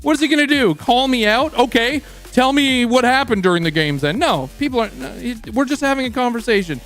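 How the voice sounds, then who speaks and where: High-voiced Canadian man swearing casually. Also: animated, a little fast, hardly any pauses, a bit bright, faint music behind. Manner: profane, rambling storyteller. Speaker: streamer. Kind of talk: casual stream chat.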